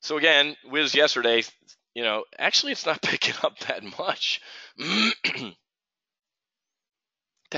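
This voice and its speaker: A man's voice: medium pitch, sing-song, slow, pauses often, sharp tone, dry recording. A middle-aged man from New Jersey hosting a live options trading stream, ranting and replying to viewers in chat by name. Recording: dull lo-fi stream audio.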